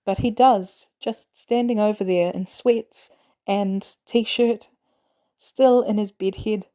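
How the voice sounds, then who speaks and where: Mellow-voiced woman narrating a story. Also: medium pitch. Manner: measured, even storytelling. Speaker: podfic reader.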